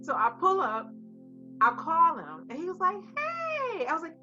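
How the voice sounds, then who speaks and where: Woman talking kinda high and bright, acting out voices in her story, soft music under it. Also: big pitch swings, normal speed. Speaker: co-host. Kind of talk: casual chat, storytelling. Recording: slightly muffled recording.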